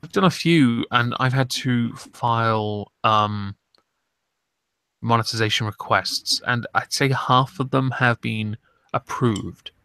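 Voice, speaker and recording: Male streamer host, bright tone, rambling sweary casual chat. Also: medium pitch, clean tone, dry recording. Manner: rambling, swearing, fast bursts. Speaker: livestream host.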